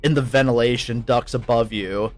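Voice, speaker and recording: A man's voice: medium pitch, steady tone, moderate pace. A man running a tabletop game as game master, narrating casually, laughing often and swearing freely.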